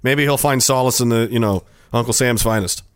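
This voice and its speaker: A man's voice: medium pitch, a little fast, clean tone, no room sound, studio quality. A man hosting a casual commentary show, talking in a sarcastic, profane way into a headset mic.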